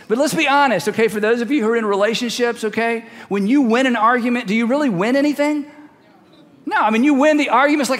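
A pastor preaching a sermon in an animated way, repeating phrases and acting out quoted voices. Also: male voice, very high voice, fast, in a large hall.

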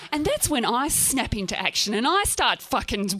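A woman from Tasmania with an Australian accent, telling a personal story to an audience in a frank, animated way, swearing freely and acting out scenes. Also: fairly high pitch, moderate pace, hardly any pauses.

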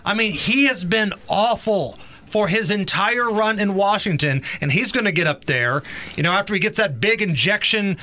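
A man's voice: sits high, animated, normal speed, sharp tone. A man co-hosting a talk show, giving opinionated political commentary in a sarcastic, mocking manner.

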